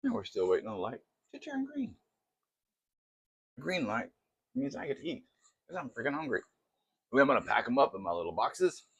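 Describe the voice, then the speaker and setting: A man chatting through a casual cooking demo in his home kitchen, excitable and poking fun at himself. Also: mid-range voice, normal speed, pauses often, slightly rough, no echo, dull audio. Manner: chatty, excitable, self-mocking. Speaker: cooking vlogger.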